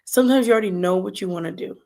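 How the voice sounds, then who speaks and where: A woman hosting a faith podcast livestream, talking in an animated, emphatic way and speaking to viewers in the chat. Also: medium pitch, very fast, creaky. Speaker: podcast host. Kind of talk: casual devotional livestream talk.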